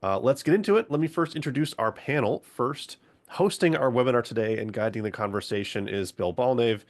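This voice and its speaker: A man's voice: medium pitch, a little fast. A man moderating a video-call webinar, giving upbeat scripted introductions with a few fillers.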